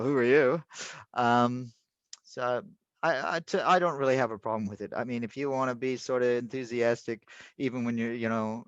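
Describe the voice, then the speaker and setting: Guy teaching a class online, kinda low voice, lots of ums and restarts, dull muffled audio. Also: fairly bright tone, no room sound. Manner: rambling, many restarts and fillers.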